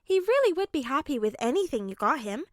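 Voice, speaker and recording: Brief: woman voicing a bubbly teasing girl, high and bright. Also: very animated, quick pace, no room sound, clean studio sound. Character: bubbly cheerful young woman student.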